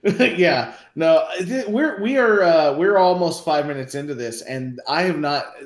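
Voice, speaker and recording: Slow, laid-back man in an echoey room. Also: fairly high pitch, lively intonation. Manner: laid-back, chuckling, reads chat aloud. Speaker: stream co-host. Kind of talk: casual live-stream chat.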